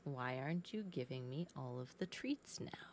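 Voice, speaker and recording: A woman voicing her bossy female pet cat, who demands treats in a slow, imperious way. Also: very deep voice, expressive, slight background noise, voice pushed down.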